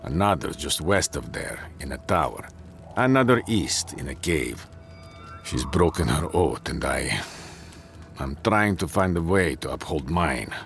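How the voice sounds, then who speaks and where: A man voicing a gruff, weary male dwarf tower commander in a video game, speaking grimly and bluntly. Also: very deep voice, sing-song, measured pace, a bit bright, soft background music, full character voice. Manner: grim, blunt, gravelly.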